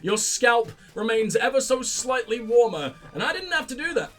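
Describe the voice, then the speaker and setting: A man commentates on a game in a high, very animated voice, with faint game music underneath. He is sarcastic and sweary, and his excitable delivery swings wildly up and down. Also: moderate pace. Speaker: let's play host. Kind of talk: gameplay commentary.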